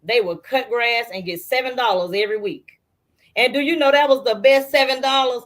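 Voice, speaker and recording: A woman's voice: mid-range voice, a little fast. A middle-aged woman, a guest on an interview, telling family stories casually and acting out her relatives' voices. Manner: animated storyteller who acts out family members' voices.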